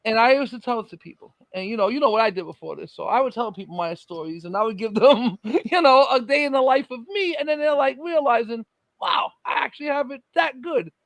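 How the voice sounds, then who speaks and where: High-voiced animated New man. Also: fast talker, hardly any pauses, no echo, low-quality recording. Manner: animated storyteller, acts out quoted exchanges. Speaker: podcast co-host. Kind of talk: casual chat.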